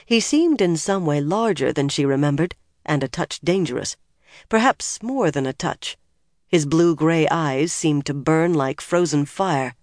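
Audiobook narrator, measured and expressive delivery, mid pitch, dry recording. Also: no room sound. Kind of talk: scripted narration.

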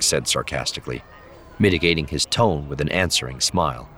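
A man narrating a novel as an audiobook in a steady storytelling manner. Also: rumbling low, moderate pace. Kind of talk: scripted narration.

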